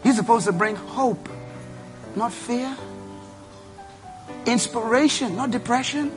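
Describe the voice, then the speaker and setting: A high-pitched man delivers a motivational sermon. He is emphatic and repetitive, and he drives his points home by commanding the audience. Faint music plays underneath. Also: slow pace, pauses often. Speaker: preacher and leadership speaker.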